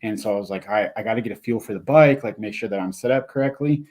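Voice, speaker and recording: A man who rides and coaches mountain biking, chatting casually as a podcast guest, excited and full of slang. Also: on the low side, fast. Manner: excited, laid-back, lots of slang. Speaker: guest, mountain bike rider and clinic coach.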